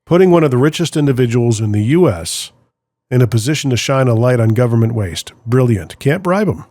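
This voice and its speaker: Agreeable podcast host, dry sound. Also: male voice, mid-range voice, fast, dark tone, dry recording. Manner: agreeable, often answers with a short "right", tells his own anecdotes. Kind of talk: casual chat.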